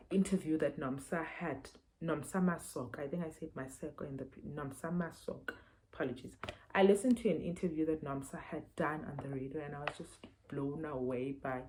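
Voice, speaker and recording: A South African woman chats casually about books she has read, her voice low and soft-edged. She talks warmly off the cuff, trailing into "um" and restarting her words as she goes. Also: a little hiss or hum, poor audio. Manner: chatty, many fillers and restarts. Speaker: book reviewer. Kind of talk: casual chat.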